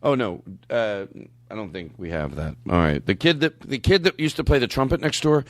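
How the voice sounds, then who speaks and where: A man's voice: mid-range voice, expressive, moderate pace, no room sound. A man hosting a comedy podcast, chatting in a rambling, goofy, self-interrupting way. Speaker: podcast host. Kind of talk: casual comedic chat.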